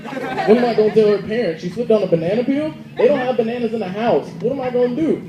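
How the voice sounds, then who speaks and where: A man's voice: extremely high pitch, fast talker, muffled recording, a crowd in the background. Young man doing stand-up in echoey hall. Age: young adult. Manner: storytelling, acting out characters' lines. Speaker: stand-up comedian. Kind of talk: stand-up comedy set. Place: school auditorium stage. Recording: echoey hall with audience noise. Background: audience laughter and murmur.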